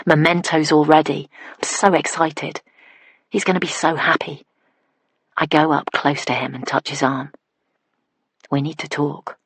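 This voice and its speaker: A woman's voice: sits low, breathy edge, no room sound. A woman narrating a first-person psychological thriller in an intimate inner voice that sometimes drops to a whisper. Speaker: audiobook narrator.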